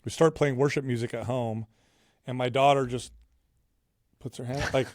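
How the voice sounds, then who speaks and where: Male podcast guest, middle pitch, animated and excited, dry close-miked sound. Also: normal speed, no echo. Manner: excited, animated storytelling, says "bro". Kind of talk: casual chat.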